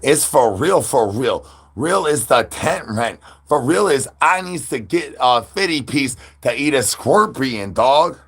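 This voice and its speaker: Playful husky-voiced man streaming outdoors. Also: medium pitch, animated, a little slow, fairly bright tone. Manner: playful, with goofy catchphrases and animal noises. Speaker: livestreamer. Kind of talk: livestream chat with viewers. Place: outdoors, standing.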